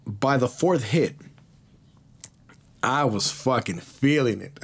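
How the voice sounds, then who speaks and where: A man hosting a podcast, telling a rambling, slang-heavy story full of swearing. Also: mid-range voice. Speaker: podcast host. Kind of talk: casual storytelling.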